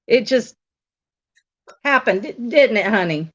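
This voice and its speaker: A woman's voice: fairly high pitch, animated, slow pace, fairly bright tone. A woman from the United States chatting casually on a live stream and telling stories, laughing often. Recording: dull, lo-fi stream audio.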